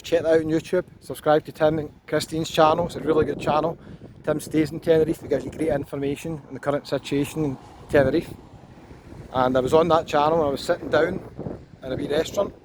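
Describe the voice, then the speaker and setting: A Scottish man with a slightly high voice gives easygoing walking commentary outdoors, talking into a handheld camera as he strolls. Clear traffic and street noise run behind him. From Scotland. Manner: chatty, relaxed tour guide, pointing out places as he walks. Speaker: walking tour vlogger. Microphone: handheld camera while walking. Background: outdoor traffic and street ambience.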